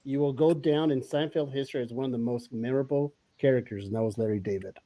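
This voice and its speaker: A man's voice: medium pitch, fast talker, warm tone. A man hosting a podcast in casual chat, rambling and eager with lots of fillers. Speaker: podcast host.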